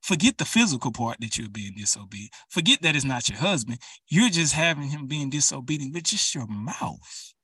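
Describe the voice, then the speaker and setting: A man's voice: medium pitch, expressive, normal speed, few pauses, sharp tone, husky, no echo, recorded from a distance. A man preaching an urgent, emphatic sermon, speaking straight to his listeners.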